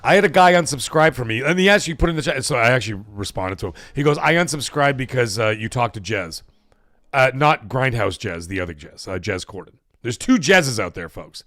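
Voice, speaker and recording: A middle-aged man riffs to his live-stream audience in a profane, animated monologue. His voice sits mid-range and close, with a dry sound and faint music under it. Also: mid-range voice, fairly quick, dry recording. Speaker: gaming channel host.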